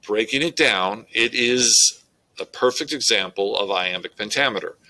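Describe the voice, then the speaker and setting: A man, teaching a recorded lesson on poetic meter in a slow, deliberate way with frequent fillers. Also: on the low side, bright, forceful tone, rough recording.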